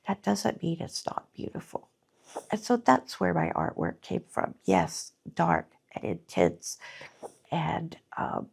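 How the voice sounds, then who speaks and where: A middle-aged woman talking slowly and from the heart in a personal vlog, often pausing to search for words, at times teary-eyed. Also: mid-range voice, vocal fry, a little mellow, breathy edge. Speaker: artist vlogger.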